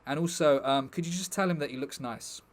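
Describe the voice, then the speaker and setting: A man's voice: on the high side, a little fast. Chatty man wrapping up a stream. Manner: chatty, rambling, jokey asides to chat. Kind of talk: casual chat to stream viewers.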